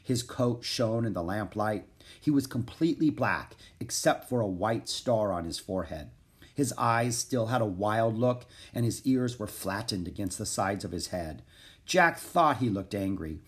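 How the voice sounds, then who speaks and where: Brief: male storybook reader, even and measured narration. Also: lowish voice. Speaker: audiobook reader.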